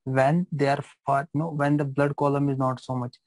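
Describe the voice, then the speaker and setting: A man's voice: mid-range voice, flat delivery, moderate pace, a little mellow, no room sound, poor audio. A man teaching a live physiology class, repeating phrases and checking that students understand.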